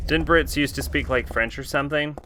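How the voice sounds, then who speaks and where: A man's voice: fairly high pitch, a little fast, sharp tone, a little hiss or hum. A man streaming a horror game, giving casual, rambling commentary that is profane and joking.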